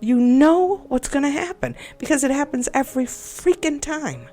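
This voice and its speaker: A woman's voice: high voice, normal speed, dark tone. A woman telling a personal story in a rambling, upset and exasperated way, full of self-doubting asides. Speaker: game video creator. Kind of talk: personal venting monologue. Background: faint background music.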